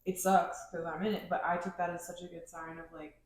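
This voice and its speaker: A woman's voice: fairly low pitch, flat delivery, fairly quick. A woman co-hosting a podcast, talking in a loose, rambling way full of "like". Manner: rambling, heavy use of "like". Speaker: podcast co-host. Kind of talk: casual chat. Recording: very echoey room.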